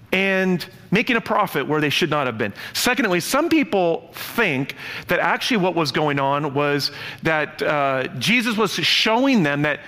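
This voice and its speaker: A man preaching a sermon, lively and playful, acting out the voices in his stories. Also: on the high side. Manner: animated, playful, acts out quotes. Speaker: pastor. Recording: long hall reverb.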